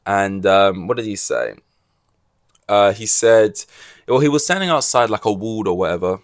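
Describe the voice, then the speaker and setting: A man from England talks through a casual solo podcast in a rambling, wry way, full of fillers and restarts. His voice sits on the low side and is recorded close and dry, with no room around it. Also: animated, normal speed, dry recording. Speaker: podcast host.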